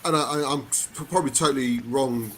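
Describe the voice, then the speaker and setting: A man's voice: mid-range voice, a little fast, slight background noise. A man on a podcast panel who talks hesitantly, often restarting his words. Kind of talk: candid panel talk.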